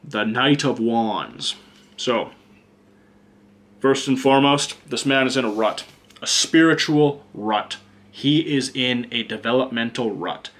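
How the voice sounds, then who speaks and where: A man's voice: medium pitch, a little slow, a bit bright. A man giving a casual pick-a-card tarot reading, blunt and chatty, swearing freely and drifting into rants. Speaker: tarot reader and teacher.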